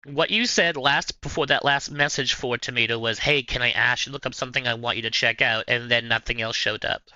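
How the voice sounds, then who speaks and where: A man's voice: mid-range voice, fairly even intonation, a little fast, bright, forceful tone, no room sound, muffled recording. A man hosting a livestream, casually chatting with viewers in a playful, rambling way. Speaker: livestream host. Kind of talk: casual chat answering viewers.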